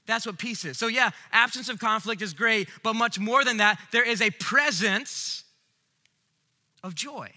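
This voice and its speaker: A man preaching a sermon in a bright, sharp, high voice. He swings from loud, emphatic bursts to hushed, quiet lines. The sound rings with the long reverb of a large hall. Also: measured pace. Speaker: pastor.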